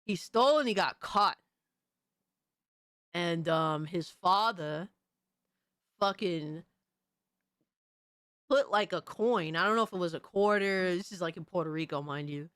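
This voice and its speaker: A woman hosting a casual livestream, talking to her chat in a profane, animated, slangy way. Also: lowish voice, measured pace, long pauses, clean tone, dry recording. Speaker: livestream host reading chat.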